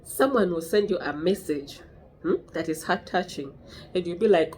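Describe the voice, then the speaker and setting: Young woman vlogging, lowish voice, acts out the convo, faint room sound behind. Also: normal speed, slight background noise. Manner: animated, acts out dialogue with shifting voices. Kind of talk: casual storytelling to camera.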